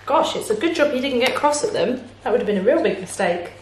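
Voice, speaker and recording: A woman teacher reading a children's storybook aloud in a playful way, pausing to ask her listeners questions. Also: a little high, animated, slight background noise. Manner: slow, warm, playful, asks listeners questions. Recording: echoey room.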